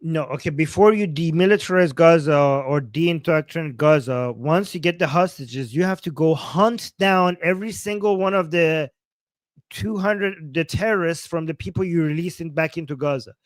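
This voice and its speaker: With a fairly high pitch and moderate pace, a livestream host delivers heated, profane political commentary, repeating phrases emphatically and reading super chats from viewers. There's no echo.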